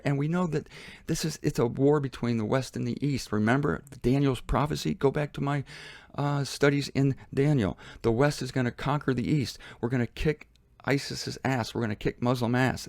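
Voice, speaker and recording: A man hosting his own show, giving a casual commentary from a laundry room in an animated, mocking way, swinging from low mutters to high exclamations. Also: a little fast, no room sound. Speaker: Bible teacher and show host. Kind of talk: casual self-filmed commentary.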